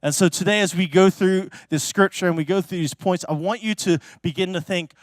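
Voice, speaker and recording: A brisk, high-pitched male pastor delivers a sermon built around personal stories, speaking in a loose, chatty way full of fillers like "like" and "you know." Now and then he bursts into sudden loud, excited exclamations. The recording is dry and close-miked, with no room echo.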